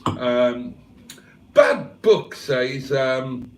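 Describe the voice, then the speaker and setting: A man's voice: medium pitch, lively intonation, very slow, darkish tone, distant mic. A man from England hosting a casual livestream, reading the chat aloud with cheeky banter. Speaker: livestream host.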